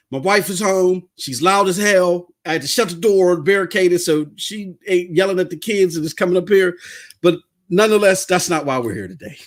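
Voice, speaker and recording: A male podcast host in casual, animated chat, talkative and loose, out of breath from running up and down stairs. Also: a little high.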